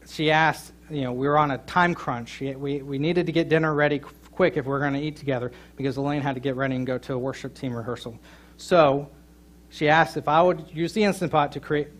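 A middle-aged man preaching a sermon, telling a funny story and joking with his congregation, with loud emphatic peaks. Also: a little high. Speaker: pastor. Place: church sanctuary.

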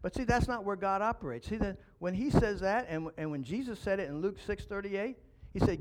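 A man's voice: high-pitched, lively intonation, brisk. A man preaching a sermon as pastor, emphatic, with rhetorical questions and chuckles.

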